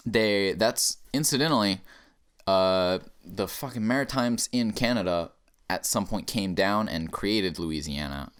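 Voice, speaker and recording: A young man from Texas, hosting a comedic podcast, ranting in a profane, animated way with sudden jumps in pitch. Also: clear, resonant tone. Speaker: podcast host. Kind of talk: comedic rant.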